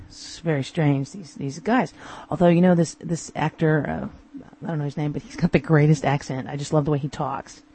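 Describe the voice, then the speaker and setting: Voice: medium pitch, dark tone, slightly rough. A podcast host recapping TV episodes in a casual, amused way, often acting out the characters' lines.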